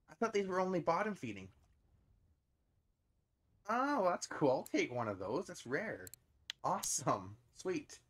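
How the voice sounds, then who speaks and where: A man with a Canadian accent giving casual, chatty commentary over a fishing video game, breaking into frequent surprised exclamations. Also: a little high. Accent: Canadian English. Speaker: gaming channel host.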